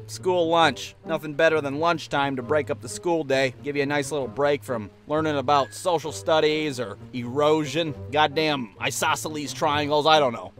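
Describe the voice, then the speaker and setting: A man delivering a comic storytelling monologue in a profane, exasperated, animated way. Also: a little high. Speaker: stand-up comedian.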